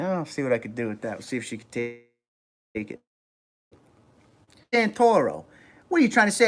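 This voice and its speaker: A chatty middle-aged man with a New York accent hosts a casual livestream, answering viewer comments as they come in. His voice sits a bit high for a man. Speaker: livestream host.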